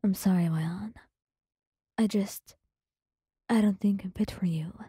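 A woman voicing a brooding, serious young male guardian in a low, grave whisper, as whispered role-play. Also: slow pace, dark tone, husky, no echo, clean studio sound. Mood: sad.

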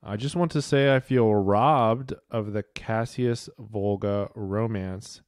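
A man co-hosting a podcast, reading listener messages aloud in a relaxed, amused way. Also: lowish voice, slow, no room sound, studio quality. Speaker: podcast co-host.

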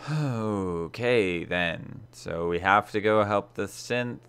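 Low smooth-voiced man narrating gameplay. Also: takes it slowly, hardly any pauses, fairly bright tone. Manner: chatty, rambling, dryly sarcastic. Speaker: let's play host. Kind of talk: casual gameplay commentary.

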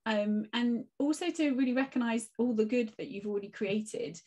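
A woman's voice: on the high side, normal speed, a little mellow. A woman, a guest teacher and author, speaking in a casual conversational interview and giving reflective, encouraging advice.

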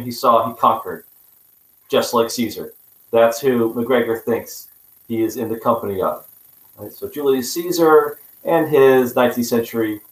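A man giving a public history talk with slides. He speaks haltingly, with many fillers and restarts, and drops in wry, self-mocking asides. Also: mid-range voice, fairly bright tone, reverberant, low-quality recording. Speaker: history presenter.

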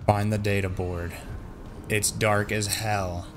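A man's voice: lowish voice, flat delivery, slow pace, over music. A young man hosting a casual let's-play, joking along and yelping when startled. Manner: jokey and jumpy, yelps and shouts when startled. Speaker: gaming channel host.

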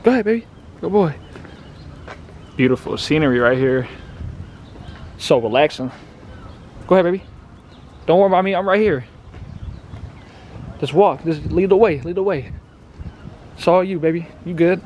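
A man's voice: animated, moderate pace, long pauses, a little mellow, slight background noise. Chatty man vlogging while walking his dog. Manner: slips into high coaxing baby talk with his dog; chatty, laughs often. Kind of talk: casual vlog narration. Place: outdoors in a city park and streets.

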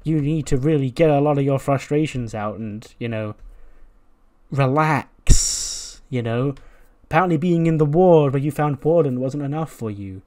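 A man's voice: mid-range voice, moderate pace, mellow, natural voice. A man voicing a bossy female wrestling show manager who scolds a wrestler. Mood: scolding.

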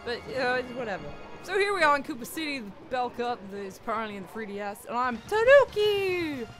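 A young woman commentating a racing game casually, swearing often and yelling at other racers. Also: high-pitched, sing-song, fast. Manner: swears a lot, yells and wails at the game. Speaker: gaming YouTuber. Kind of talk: casual let's-play commentary. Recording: game music behind the voice.

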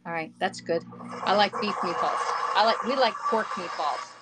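A woman's voice: medium pitch, normal speed, heavy background noise. A woman, hosting a live cooking stream from her home kitchen, chatting with viewers and reading their comments aloud. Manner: chatty, reads viewer comments aloud, talks to the audience with "y'all" and "okay".

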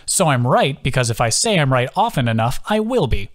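A man's voice: sing-song, brisk, dry recording, clean studio sound, close to an everyday voice. A man voicing a cocky young man who teases and argues in a raised, smug voice. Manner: smug, teasing, high and bright. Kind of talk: audiobook character voice.

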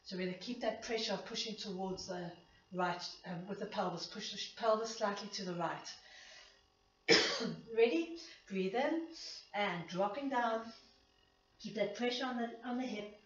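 A woman's voice: mid-range voice, normal speed, long pauses, a little hiss or hum. A woman leading a pilates class, counting reps and a bit out of breath as she exercises along. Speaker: pilates instructor. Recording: echoey room, distant dull mic.

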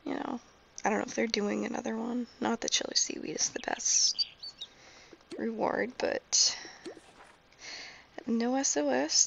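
A young woman quietly commentating a game late at night, half-whispering, with a hoarse voice and coughs. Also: fairly high pitch, fairly even intonation, measured pace, pauses often, a little hiss or hum, rough recording. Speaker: gameplay commentator.

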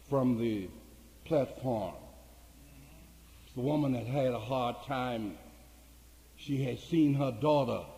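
A man preaching a sermon, telling a story in a low voice and rising to high shouted climaxes. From United States. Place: large hall with an audience. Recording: reverberant hall with faint hiss, 1980 archive.

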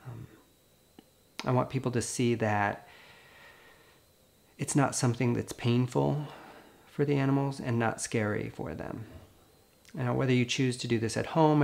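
A grieving man, a veterinarian, speaks to camera in a gentle, earnest and consoling way. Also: medium pitch, vocal fry. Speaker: veterinarian and video host. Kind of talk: personal vlog talk to camera.

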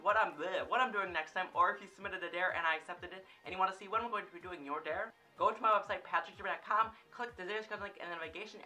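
A young man hosts a casual food dare vlog with the camera facing him, chatting in a rambling, self-conscious way and tripping over his words. His voice is high, pushed and bright.

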